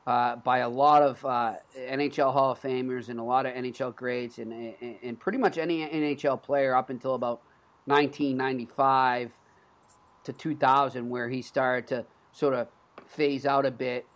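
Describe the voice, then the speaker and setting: A man's voice: medium pitch, steady tone, normal speed. A man in his thirties with a Boston accent, hosting a sports podcast in casual chat and rambling with frequent restarts. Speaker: podcast host.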